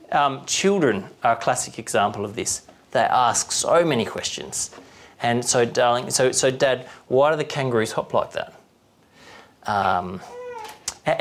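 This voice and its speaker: A man preaching a sermon in a conversational way, often asking the listeners questions. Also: mid-range voice.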